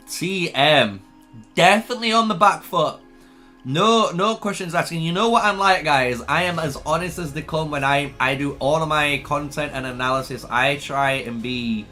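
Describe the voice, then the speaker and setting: A man's voice: mid-range voice, bright, forceful tone. A man commentating live on a strategy game for his stream, chatty and laughing often as he talks to his chat. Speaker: gaming streamer. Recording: faint music behind.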